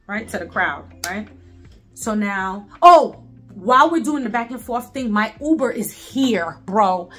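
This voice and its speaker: A woman tells her story in a lively, emphatic, cursing style. Her voice sits high and sounds bright and forceful, with faint music underneath. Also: unhurried. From Brooklyn, New York. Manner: animated, profane, emphatic. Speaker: storyteller vlogger. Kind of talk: casual storytime.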